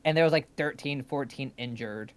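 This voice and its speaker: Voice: medium pitch, moderate pace. A co-host chatting casually and swearing often. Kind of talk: casual chat.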